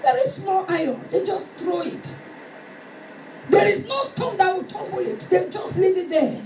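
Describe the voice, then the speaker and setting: A woman preacher delivering a fervent sermon, shouting and acting out stories. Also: very high voice, expressive, unhurried, slight background noise. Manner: fervent, shouting, dramatic retelling. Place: church hall. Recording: echoey hall from far off with music.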